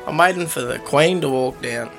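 A man's voice: fairly high pitch, normal speed, fairly bright tone, soft background music. A man, co-hosting a podcast, teasing and joking in casual banter. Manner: joking, teasing, laughs a lot. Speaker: podcast co-host. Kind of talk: casual banter on a live show.

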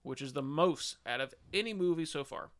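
Male podcast co-host, smooth clean voice, loose and jokey. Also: on the high side, fairly quick, fairly bright tone. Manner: joking, stumbles over words. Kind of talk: casual chat.

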